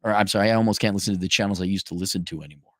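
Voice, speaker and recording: A man's voice: sits low, rapid-fire, fairly bright tone, no echo, clean studio sound. A man hosting a show, giving blunt, sarcastic and profane commentary in a casual way while reading viewer donations.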